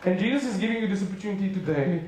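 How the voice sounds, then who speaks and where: This UK youth preacher speaks very fast in a high male voice, delivering a storytelling sermon to a school rally in a big hall. Lively and quick to laugh, he performs different voices as he goes. The distant mic picks up plenty of hall echo.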